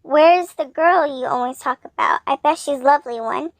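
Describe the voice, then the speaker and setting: A woman's voice: high voice, normal speed, no echo, studio quality. A woman voicing a happy, sappy, polite male monster in a polka-dot suit, in a cheery, gushing manner, while reading a fanfiction aloud.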